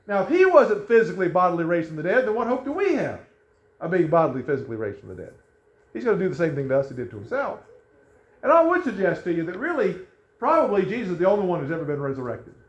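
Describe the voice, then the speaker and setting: A man preaching a sermon in a conversational way, often restarting his sentences. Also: fairly high pitch. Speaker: pastor. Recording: echoey room, dull lo-fi sound.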